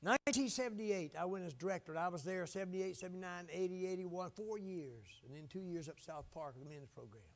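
An older man preaching a sermon with fervor, swinging between loud exhortation and hushed asides. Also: high voice, lively intonation, a little fast, hardly any pauses. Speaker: pastor.

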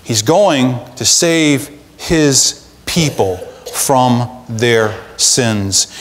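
A man preaching a sermon as pastor, in an animated, conversational way with acted asides, in a church sanctuary. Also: fairly high pitch. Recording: long church reverb.

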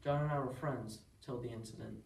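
A man's voice: medium pitch, fairly even intonation, brisk, creaky, darkish tone. A man reciting a first-person poem as a student, in a plain, earnest storytelling delivery. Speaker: student reader. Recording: echoey room from far off, faint background noise.

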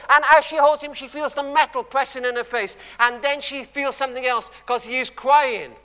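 A man preaching a sermon in a church, telling stories emphatically and dropping to hushed tones. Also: extremely high pitch, fairly even intonation, moderate pace, few pauses, smooth. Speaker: guest preacher. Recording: long church hall reverb.

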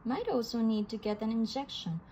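A woman's voice: fairly high pitch, moderate pace, warm tone, lo-fi sound, a little hiss or hum, lightly acted. A woman voicing a helpful female cartoon duck pretending to be a doctor, kind and explaining. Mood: kindly. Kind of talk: storybook read-aloud.

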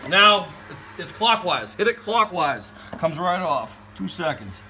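A man hosting casual chat in a garage while working on a truck, animated and joking, laughing often. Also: sits high, a little slow, faint music behind. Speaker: host. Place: home garage.

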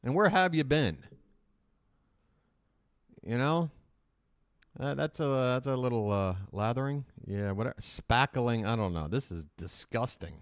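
A man's voice: medium pitch, measured pace, pauses often, clean tone, no room sound, clean studio sound. Rambling, swearing male stream host. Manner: rambling, profane, animated. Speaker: live-stream reaction host. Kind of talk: casual reaction commentary.

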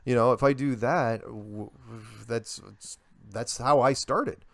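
An older man, a guest in a casual interview, telling stories in an animated way and acting out the voices he quotes. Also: mid-range voice, takes it slowly.

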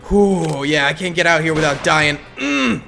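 A man's voice: fairly high pitch, animated, normal speed, gravelly, sharp tone, soft background music. A young man hosting a gaming channel, giving goofy, hyped gameplay commentary full of yelps.

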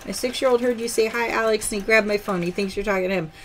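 A woman's voice: mid-range voice, fast talker. A woman hosting a live-stream sale, chatty, greeting viewers by name and counting items aloud. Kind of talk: live-stream sales chat.

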